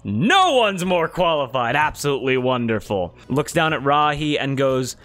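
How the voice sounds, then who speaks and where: A man narrating a tabletop game as its game master, animated and switching into character voices. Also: medium pitch, moderate pace.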